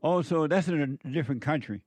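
A man's voice: on the high side, animated, fairly quick, a little mellow, no echo. A man hosting a live call-in talk show, playful, asking puzzled questions and thanking viewers.

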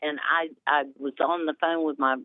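A woman's voice: deep voice, fairly even intonation, normal speed, no room sound. Rambling woman caller on a tinny phone line. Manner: rambling, hesitant, emotional. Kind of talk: phone-in call. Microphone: telephone.

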